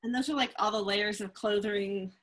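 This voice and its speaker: A woman's voice: medium pitch, normal speed, a bit bright, rough recording. A woman hosting a podcast interview who laughs easily and asks her guest for practical takeaways. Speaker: podcast host.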